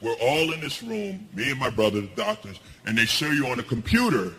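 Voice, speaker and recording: A middle-aged man doing a stand-up comedy set, telling stories with animated swings in pitch for punchlines. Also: brisk. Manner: animated storytelling, jumps high for punchlines. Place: comedy stage before a laughing audience. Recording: live show with audience laughter.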